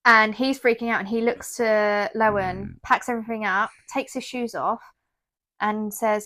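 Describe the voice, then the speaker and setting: A woman's voice: mid-range voice, steady tone, unhurried, pushed and bright. Chatty woman retelling a book. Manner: chatty retelling, quotes characters. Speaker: podcast co-host. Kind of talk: casual book chat.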